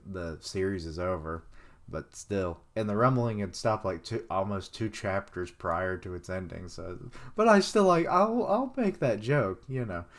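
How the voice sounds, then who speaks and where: A man reading a manga chapter aloud on a live stream, chatting and thinking out loud as he goes. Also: on the low side.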